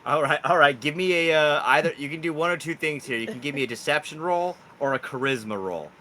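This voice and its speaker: Game master guy, bright energetic voice, goofs around and sings bits, bit of hiss in the background. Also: a little high, a little fast, poor audio. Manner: animated, breaks into silly singing and laughter. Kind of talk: narrating a tabletop game.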